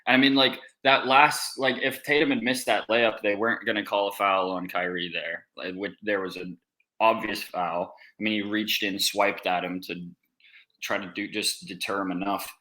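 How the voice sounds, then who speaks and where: A man's voice: on the low side, steady tone, normal speed, bright, forceful tone, rough recording. A man co-hosting a sports podcast, talking emphatically in casual chat about a basketball game. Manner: emphatic, complaining about refs. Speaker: podcast co-host.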